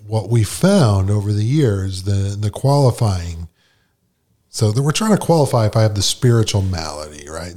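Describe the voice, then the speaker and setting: A man with a lowish voice tells his story candidly and with animation. He acts out the back-and-forth of conversations as he goes, in a casual podcast chat. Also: darkish tone. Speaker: podcast guest.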